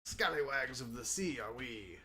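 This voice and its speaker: A man voicing a gruff, bossy male pirate with drawn-out, growling pirate talk. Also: mid-range voice, expressive, pushed and bright, a little hiss or hum. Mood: rowdy.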